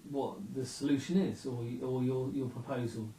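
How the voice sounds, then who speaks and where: A man interviewing someone, asking halting questions with many hesitations. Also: mid-range voice, fairly even intonation, mellow, recorded from a distance. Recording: echoey room from off-mic with faint noise.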